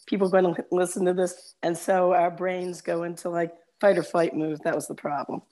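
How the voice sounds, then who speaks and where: A woman's voice: on the low side, level tone, fairly quick, warm tone. A woman chatting casually as a guest, rambling through stories and laughing easily. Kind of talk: casual chat and joke telling.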